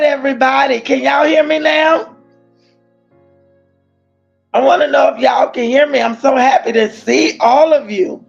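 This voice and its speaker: A woman hosting a casual livestream, effusively greeting viewers by name and often calling out loudly, with the odd cough. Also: high-pitched, creaky. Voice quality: coughs between lines. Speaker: livestream host. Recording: dull lo-fi stream audio.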